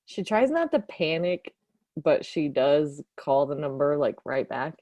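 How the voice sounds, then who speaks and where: A woman with a notably low voice plays a tabletop horror game, talking through her character in a loose, rambling way, full of fillers. The sound is dry and close. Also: very animated, measured pace, warm tone, no room sound. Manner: rambling, filler-heavy, casual. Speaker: player. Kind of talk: tabletop role-play, describing her character.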